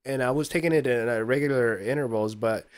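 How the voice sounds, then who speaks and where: A man with a middle-pitched voice chatting at an easy pace. He is laid-back and halting, filling his gaps with "uh" and "um." The tone is relaxed podcast conversation. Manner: laid-back, short agreeing replies, halting with "uh" and "um". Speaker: podcast guest. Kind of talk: casual chat.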